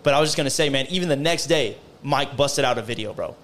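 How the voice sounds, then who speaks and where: A man's voice: mid-range voice, quick pace, a bit bright. A young man in casual podcast chat, telling stories in a loose, rambling way full of "bro" and "man". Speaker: guest creator.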